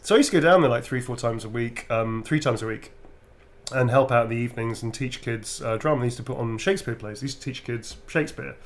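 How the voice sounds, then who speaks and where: A British actor signing autographs chats casually during a livestream signing, telling stories in an animated way. He speaks quickly in a mid-range voice, laughing often and swearing freely.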